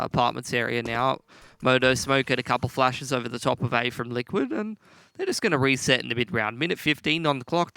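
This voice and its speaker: Esports color guy, gravelly and sharp sounding, laid-back analysis. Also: medium pitch, no echo. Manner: relaxed, analytical, joking. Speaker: color commentator. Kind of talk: esports commentary.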